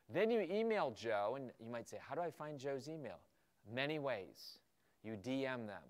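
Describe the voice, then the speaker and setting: A middle-aged man leads an entrepreneurship workshop with real energy. His voice sits at an ordinary middle pitch. He slips into quoted emails and questions with animated delivery. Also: normal speed. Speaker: entrepreneurship instructor.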